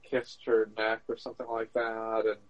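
A man co-hosting a podcast, chatting casually in a measured, hedging way. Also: on the low side, monotone, dry recording, lo-fi sound. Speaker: podcast co-host. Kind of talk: casual chat.

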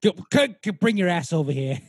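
A man's voice: high-pitched, lively intonation, fairly quick, slightly rough, no echo, clean studio sound, voice pushed up. A man putting on a profane, swaggering Boston tough-guy impression with a put-on Boston accent. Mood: belligerent. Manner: swaggering, profane, aggressive street talk.

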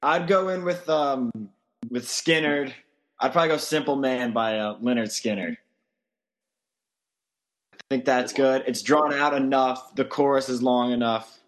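A man's voice: medium pitch, measured pace, long pauses. A man with an ordinary mid-range voice co-hosts a casual sports podcast. He talks in an opinionated, matter-of-fact way. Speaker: podcast co-host.

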